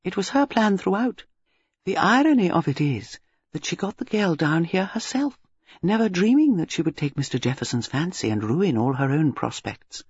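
A man reading an audiobook, voicing a shrewd, gentle elderly spinster sleuth in a soft, measured way. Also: high voice, big pitch swings, breathy edge, no echo, dull audio, heavily acted. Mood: quietly explaining. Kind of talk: audiobook character voice.

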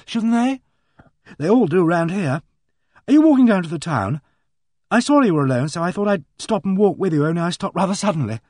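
A man's voice: high-pitched, expressive, brisk, a little mellow, dry recording, clean studio sound, pitched above the performer's own voice. A man putting on a breathless blunt young woman. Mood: eager. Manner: breathless rush, artless and direct.

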